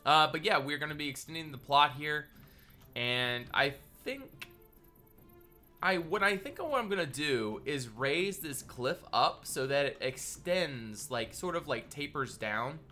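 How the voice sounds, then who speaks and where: A man chats and rambles through a live building stream with a clear, bright voice. He is congested and a little nasal from a cold. Faint music plays under his talk. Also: a little high, expressive, measured pace. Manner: chatty, rambling, greets chat by name. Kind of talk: casual live-stream chat while building.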